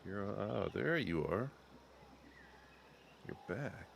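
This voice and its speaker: Low-voiced laid-back gamer guy, wry delivery, faint background hum. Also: expressive, very slow, gravelly. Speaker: co-op game player. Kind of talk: casual chat while gaming.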